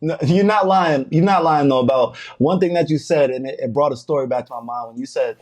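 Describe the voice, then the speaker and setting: A young adult man co-hosting a casual podcast. He chats and tells stories in a relaxed way. His voice sits in a middle range. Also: mid-range voice, a little fast. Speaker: podcast co-host. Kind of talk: casual interview chat.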